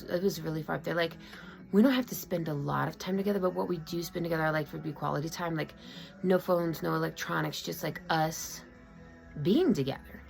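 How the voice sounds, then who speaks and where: A woman's voice: low-pitched, gravelly. A woman vlogger talking casually and openly about her feelings, rambling with many fillers and restarts. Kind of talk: casual personal confiding talk. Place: her own room at home.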